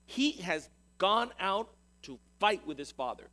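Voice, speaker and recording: A man's voice: high-pitched, sing-song, measured pace, sharp tone. A male pastor giving a sermon, retelling a scripture story in an emphatic storytelling way.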